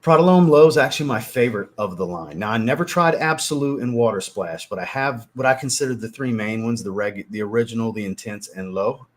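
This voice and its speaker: A man hosting a fragrance livestream, chatting casually, telling profane, animated stories and reading out chat messages. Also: medium pitch, fairly quick, hardly any pauses. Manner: animated, profane storytelling, reads chat aloud. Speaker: livestream host.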